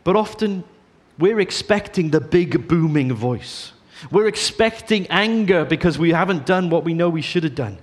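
A man preaching a sermon, earnest, often dropping to a soft hush on key phrases. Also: fairly high pitch, animated, moderate pace, few pauses.

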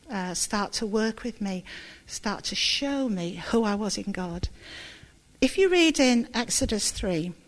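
Brief: middle-aged woman, slightly high voice, preaching her own testimony, candid, halting, near tears. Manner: candid, self-deprecating, halting with restarts. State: close to tears. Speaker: church speaker giving testimony. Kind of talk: sermon with personal testimony.

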